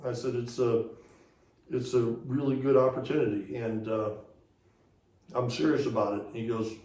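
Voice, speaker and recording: A man's voice: mid-range voice, flat delivery, moderate pace, warm tone, echoey room, recorded from a distance, poor audio. A man, a guest on an interview show, telling a story casually and rambling, with lots of repeated "he goes" as he retells conversations. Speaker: interview guest, former racing series director.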